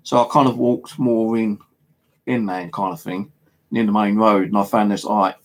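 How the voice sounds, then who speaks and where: Low gravelly English bloke, casual storytelling vlogger, loose and rambling, lots of fillers and swearing. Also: male voice, steady tone, moderate pace. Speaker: paranormal vlogger. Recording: home video monologue.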